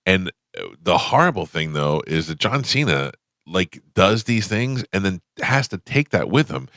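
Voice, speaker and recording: Deep, bright-toned male radio host. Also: big pitch swings, moderate pace, no room sound, studio quality. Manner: conversational, emphatic, talks with many restarts. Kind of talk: casual radio talk. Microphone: studio microphone.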